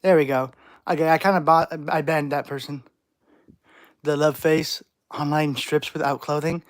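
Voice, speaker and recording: A man's voice: fairly high pitch, fairly even intonation, moderate pace. A man hosting a live stream, reading chat questions aloud with playful, jokey overreactions. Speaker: channel host.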